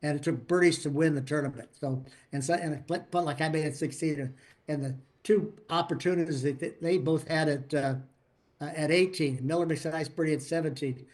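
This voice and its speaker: An older man, a podcast guest, telling long stories in a relaxed way, often restarting and repeating words. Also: on the high side, a little fast. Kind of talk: casual storytelling.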